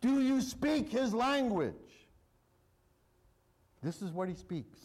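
A man's voice: extremely high pitch, very animated, slow pace, darkish tone, rough recording. A male pastor preaching a sermon, reading scripture aloud and repeating his points with emphasis.

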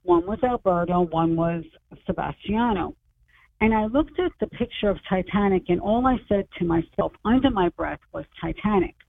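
A woman in her sixties calls in over a thin, tinny phone line, her voice at an ordinary middle pitch. She tells her story with animation, acting out the dialogue of the people she quotes. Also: animated, moderate pace, gravelly, dry recording. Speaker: author and radio guest. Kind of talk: storytelling on a radio interview.

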